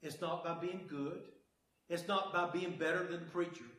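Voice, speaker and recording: High-voiced man preaching in an echoey church. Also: fairly even intonation, moderate pace. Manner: emphatic preaching, swings between booming declarations and hushed low passages. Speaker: pastor. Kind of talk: sermon. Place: church service.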